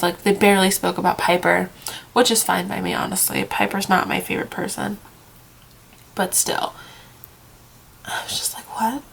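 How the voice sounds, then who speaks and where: Young female vlogger, cried-out and sleepless, talks in a rambling way with a creaky edge, middle pitch. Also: fairly bright tone. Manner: tearful, rambling, trails into whispers. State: worn out from crying, sleep-deprived. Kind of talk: casual emotional vlog.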